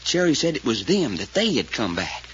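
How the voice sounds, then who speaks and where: An actor playing a folksy rural eyewitness, speaking in a drawl with rustic grammar in 1940s radio style. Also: male voice, medium pitch, big pitch swings, moderate pace, a bit bright. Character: folksy rural man, eyewitness called Doc. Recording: muffled old radio recording with faint hiss.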